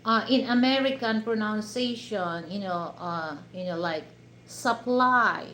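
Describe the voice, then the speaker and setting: A woman's voice: mid-range voice, fairly even intonation, moderate pace, a little hiss or hum. A Filipino woman with a Filipino accent hosting a casual live chat with viewers. She talks chattily and leans on "you know" fillers. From Philippines. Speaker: live stream host. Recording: roomy echo, faint ambience.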